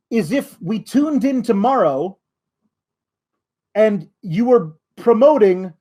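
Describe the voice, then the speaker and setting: A man with a high-pitched, slightly mellow voice hosts a wrestling podcast. He rants in exasperation, swearing frequently.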